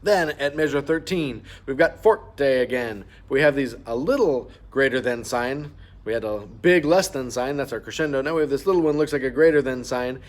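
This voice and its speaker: A man at an ordinary middle pitch gives a patient clarinet lesson. He explains each fingering and marking step by step, now and then singing rhythms aloud to show them. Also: moderate pace. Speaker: band teacher. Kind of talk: instrument lesson walkthrough.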